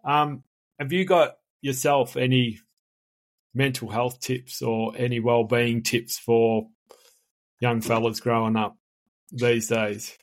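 A man hosting a podcast, asking a guest questions in a relaxed way with filler phrases. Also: mid-range voice, slow, pauses often. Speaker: podcast host. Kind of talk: interview questions.

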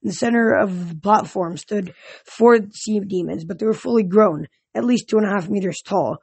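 Brief: amateur storybook narrator, husky voice, frequent stumbles, dry close sound. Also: medium pitch, moderate pace, a little mellow, no room sound. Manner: stumbling over words and restarting. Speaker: audiobook reader.

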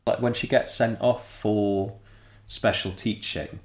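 A young man, his voice sitting on the low side. He talks through a book in a relaxed, conversational way and slips into little acted-out quotes as he retells scenes. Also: slow. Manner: animated storytelling, acts out quotes. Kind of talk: casual book discussion.

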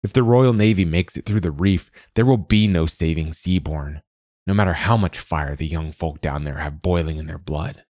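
A man's voice: sits low, moderate pace, darkish tone, dry recording. A man voicing a crusty old spinster. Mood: cross. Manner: snappish, curt. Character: old woman, cross, guarded, sharp-tongued.

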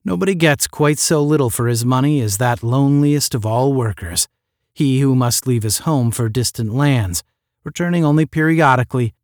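A man reading a science fiction short story aloud in a measured, steady narrating voice. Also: medium pitch, dry recording, studio quality. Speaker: audiobook narrator.

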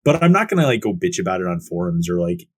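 A man with a low, husky voice in a casual gaming chat. He is laid-back and a bit hesitant, restarting his sentences often. He laughs easily as the talk goes on. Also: big pitch swings, fast talker, dry recording.

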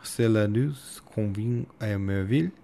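A man's voice: lowish voice, a little slow, creaky, warm tone, a little hiss or hum. A man voicing a sardonic, witty dinner guest who mocks the war talk and slips into French. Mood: mocking. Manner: mocking, slipping into French.

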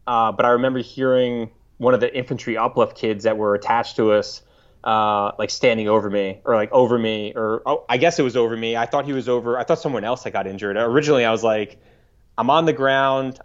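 A man in his thirties from the United States, a podcast guest recalling a story in a halting, reflective way, often restarting his sentences. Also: medium pitch, steady tone. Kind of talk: casual interview storytelling. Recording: slightly dull lo-fi audio.

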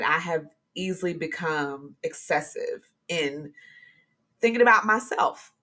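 A woman hosting a casual devotional podcast, chatty and animated, talking straight to her listeners and encouraging them, with sudden high exclamations. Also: measured pace. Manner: talks to listeners directly and warmly encouraging. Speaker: podcast host.

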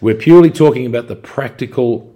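A man co-hosting a police podcast, plain-spoken and relaxed. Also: mid-range voice, a little fast. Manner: relaxed, plain-spoken, many short agreements. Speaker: podcast co-host. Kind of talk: casual podcast chat.

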